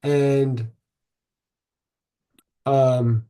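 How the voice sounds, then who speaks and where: A man hosting a podcast, retelling an ancient myth in a rambling, irreverent way, swearing and filling pauses with ums. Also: medium pitch, little pitch movement, dark tone, clear, resonant tone. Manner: rambling, irreverent, profane, many fillers. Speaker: podcast host.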